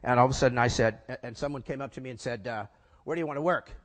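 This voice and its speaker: An older man giving a conference talk, telling lively stories and tossing rhetorical questions at the audience. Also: medium pitch, racing. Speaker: keynote speaker. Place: conference hall before a live audience. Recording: long reverb of a large hall.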